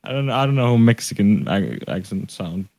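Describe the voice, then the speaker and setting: A man's voice: lowish voice, sing-song, fairly quick, gravelly, darkish tone, no room sound. A young man from Sweden co-hosting a casual podcast, telling a story hesitantly and laughing readily. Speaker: podcast co-host.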